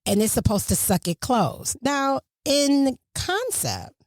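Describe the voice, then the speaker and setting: A middle-aged woman hosting a casual family podcast, telling a story with lively, swinging emphasis. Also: slow pace, no echo, studio quality. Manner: animated, storytelling, swings pitch widely for emphasis. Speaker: podcast host.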